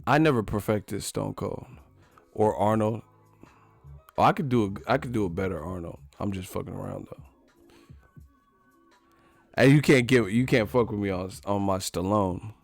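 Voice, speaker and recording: A man's voice: on the low side, normal speed, creaky, long pauses, dry recording, soft background music. A man hosting a casual live stream, profane and laughing often as he reacts to the chat.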